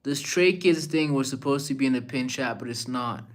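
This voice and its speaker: A man's voice: mid-range voice, normal speed. A young man casually chatting on a livestream, reading viewer messages aloud and musing in a laid-back way.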